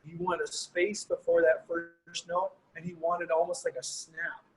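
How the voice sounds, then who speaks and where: In a fairly high, slightly rough voice, the horn-playing guest talks at a measured pace and in a monotone, offering reflective, wandering answers on a video call filled with "you know" and "like." The audio is poor.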